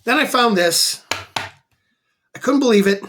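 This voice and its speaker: A man's voice: extremely high pitch, animated, slow pace, a bit bright. A man showing off his flea market finds in a casual vlog, enthusiastic and chatty, repeating words for emphasis. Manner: chatty storyteller. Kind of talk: casual show-and-tell vlog.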